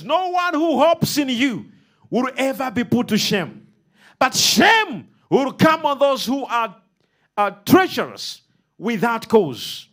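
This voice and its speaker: A man preaching a sermon, leading the congregation in call-and-response and swinging between loud, emphatic lines and soft ones. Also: sits high.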